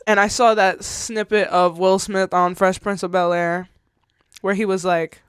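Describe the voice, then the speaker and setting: A woman's voice: mid-range voice, level tone, a little slow, smooth, no room sound, studio quality. A woman in her twenties talking candidly to camera in a vlog, rambling, slangy and swearing, tearful at times. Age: 20s. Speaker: vlogger.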